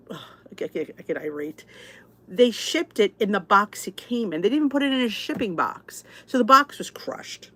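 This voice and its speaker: A middle-aged American woman talks straight to her viewers in a loose live chat. Her voice sits at an ordinary middle pitch, and she rants with restarts and asides. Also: fairly bright tone. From United States. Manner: chatty and exasperated, ranting with restarts. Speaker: channel host. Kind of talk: casual live chat reading comments.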